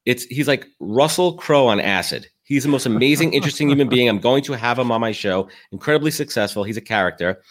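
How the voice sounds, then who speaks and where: A man hosting a podcast, telling rambling, animated stories with many restarts in casual talk. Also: mid-range voice, quick pace, hardly any pauses. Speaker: podcast host.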